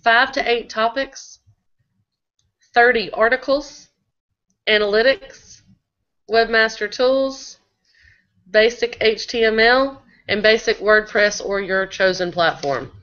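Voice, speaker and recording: A woman's voice: fairly high pitch, slow pace, pauses often, fairly bright tone. A woman co-hosting a blogging webinar from her laptop, speaking in a casual, practical way with filler words. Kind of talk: casual live webinar chat. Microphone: laptop video call. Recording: dull lo-fi laptop call audio.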